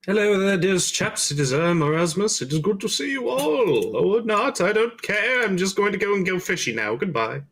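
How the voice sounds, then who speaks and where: A man voicing an aloof, dismissive male ooze sorcerer in a tabletop game, with a loud, haughty manner. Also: sits high, expressive, moderate pace, few pauses, breathy edge, heavily acted.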